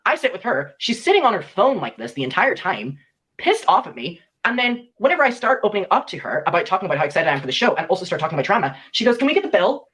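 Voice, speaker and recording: A man's voice: high voice, sing-song, fast, bright, forceful tone, breathy edge. A young man recounting a personal story in a played clip, animatedly acting out the lines of the people he quotes.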